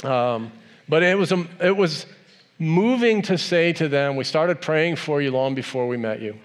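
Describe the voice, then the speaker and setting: A middle-aged man preaching a sermon about family faith, talking in a relaxed, conversational way and growing emotional as he speaks of his sons and their wives. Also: a little high, a little slow. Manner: warm, conversational, softens and grows emotional when speaking of family. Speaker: pastor.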